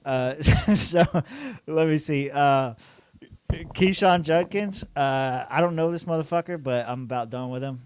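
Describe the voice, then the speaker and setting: A man's voice: a little high, a little slow, slight background noise. A young man co-hosting a podcast, rambling casually about his fantasy football team, swearing freely and laughing often. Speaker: podcast co-host.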